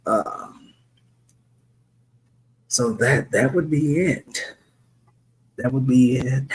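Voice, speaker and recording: Slow, husky-voiced man guest. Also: medium pitch, rough recording. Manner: slow, halting, polite. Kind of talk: casual panel talk.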